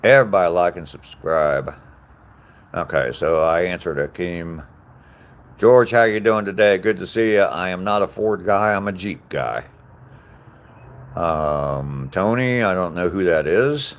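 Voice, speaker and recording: A man's voice: low voice, a little slow. A man in his sixties chatting casually on a live stream while out walking, greeting viewers by name with lots of ums. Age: 60s. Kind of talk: casual live-stream chat reading comments. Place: outdoors on a walking trail.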